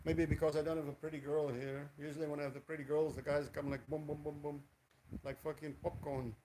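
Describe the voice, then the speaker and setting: A man's voice: on the high side, flat delivery, fairly quick, background noise. A man chatting casually on a live stream, rambling and greeting viewers by name as they come in. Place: indoors in Cebu, Philippines, in the evening.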